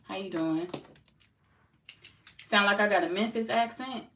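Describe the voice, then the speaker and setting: Speaking in a pushed, bright mid-range voice, this woman takes her time. She's a St. Louis tarot reader from the US Midwest with a local accent who talks bluntly and casually with her live chat, swearing and laughing a lot. Faint noise, a distant mic, and room echo mark the recording.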